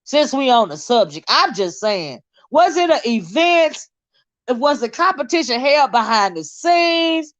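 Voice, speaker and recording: Woman streamer with a high voice, chatty and giggly, roasting her chat, muffled dry sound. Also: big pitch swings, a little slow, no room sound. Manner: laughs often, teases her chat, sidetracked and rambling. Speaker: livestream host. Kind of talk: casual live-stream chat reading viewer comments.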